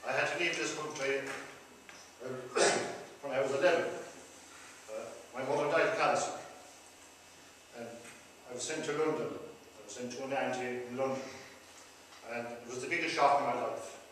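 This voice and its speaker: A man's voice: medium pitch, steady tone, moderate pace, fairly bright tone. An older man with a Kerry Irish accent, chatty and anecdotal, telling his life story to an audience. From Ireland. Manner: chatty, anecdotal, laughs at his own stories. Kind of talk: personal storytelling talk. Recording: echoey hall, distant mic, faint noise.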